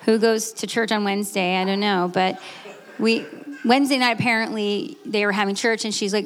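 A woman in her late thirties giving a candid, earnest personal testimony, with restarts and quick laughs. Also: medium pitch, fairly even intonation. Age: 30s. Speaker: guest speaker. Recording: echoey hall.

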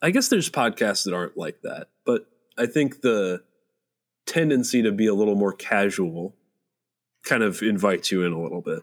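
A man's voice: on the low side, normal speed. A young man co-hosting a casual podcast, thoughtfully explaining his points. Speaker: podcast co-host.

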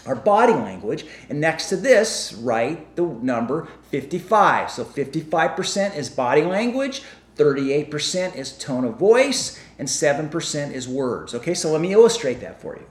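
Man, pastor, sermon, fairly high voice, animated delivery, echoey hall. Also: normal speed. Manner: animated, asks the congregation questions.

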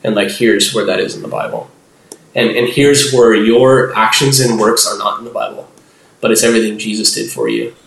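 A man's voice: lowish voice, animated, moderate pace, vocal fry, a bit bright, a little hiss or hum. A young man chatting as a podcast guest, rambling with lots of "like" and restarts and acting out little voices. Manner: rambling, heavy use of "like" and restarts, acts out voices. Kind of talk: casual interview talk. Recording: roomy echo.

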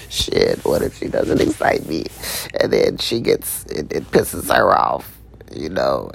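A man with a deep, gravelly voice tells loose personal stories at an unhurried, drawn-out pace. His talk is slangy and full of profanity, circling back on words as he goes. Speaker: podcast host. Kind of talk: casual storytelling monologue.

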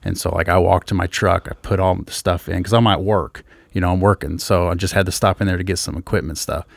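A man with a low voice talks in loose, casual chat. He tells stories bluntly and swears freely. The sound is dry and close. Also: steady tone, fast, vocal fry, no echo. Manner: blunt, profane storytelling.

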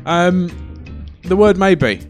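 A man's voice: sits high, lively intonation, extremely slow, soft background music. A man co-hosting a comedy podcast, chatting casually and ranting in a mock-serious way. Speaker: podcast co-host. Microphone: podcast microphone.

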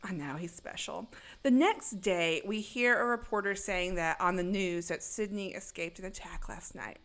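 A woman co-hosting a casual chat, retelling a movie scene by scene with sarcastic asides and quick put-on voices. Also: on the low side, fairly bright tone. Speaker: podcast co-host.

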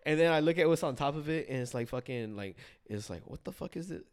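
A man's voice: fairly high pitch, fast talker, clear, resonant tone. A young man chatting casually with old friends, telling stories in a laid-back way and swearing freely. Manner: laid-back, swears a lot, animated storytelling. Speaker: vlogger visiting old friends. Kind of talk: casual chat.

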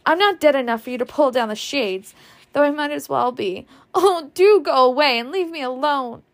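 A spoiled young belle, petulant and shrill, her voice pitched up with a gravelly fry, as a woman narrator puts her on. She lashes out in sharp, sulky bursts. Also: moderate pace.

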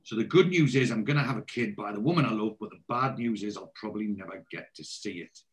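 A man voicing a downcast, lovesick young man, talking low and glum. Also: quick pace, close to an everyday voice.

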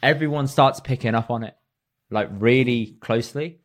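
A man casually telling a funny anecdote on a podcast, animated and full of mimicry. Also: mid-range voice, normal speed. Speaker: guest storyteller.

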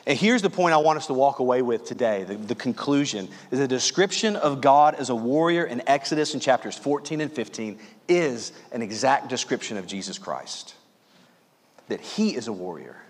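A man from Louisiana preaching a sermon as pastor, earnestly calling his listeners friends and slowing down on key phrases. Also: mid-range voice, lively intonation, in a large hall.

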